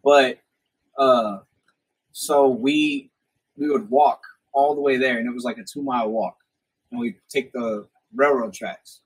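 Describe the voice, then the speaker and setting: A young man, hosting a podcast and telling stories from his youth in a casual, animated way. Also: mid-range voice, a little slow, husky, low-quality recording. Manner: animated storyteller, acts out quoted lines loudly. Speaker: podcast host. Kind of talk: casual storytelling chat.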